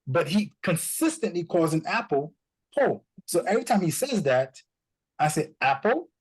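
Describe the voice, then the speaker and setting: In low-quality audio, a guest talks casually at a normal pace, his fairly high voice carrying a breathy edge. He mixes languages and vividly acts out what parents and children say as he tells his stories.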